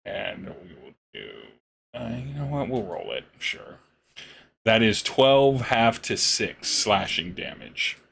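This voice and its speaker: A man's voice: fairly low pitch, big pitch swings, vocal fry, fairly bright tone, a little hiss or hum. A man running a tabletop game as game master, narrating a monster's turn with frequent fillers and chuckles. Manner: halting, many fillers, chuckling.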